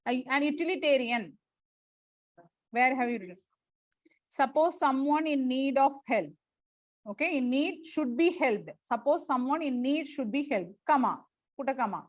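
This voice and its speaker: A woman's voice: high voice, animated, normal speed, pauses often, a little mellow, no echo. A woman teacher, dictating lecture notes to a class, repeating phrases and spelling out words letter by letter.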